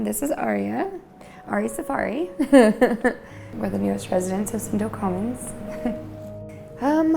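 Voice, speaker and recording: A woman's voice: medium pitch, creaky, a little mellow. A young mother sharing her story in a chatty testimonial, laughing a lot and tearful at times. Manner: chatty, lots of fillers and laughs. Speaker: new resident, mother. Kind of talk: testimonial interview.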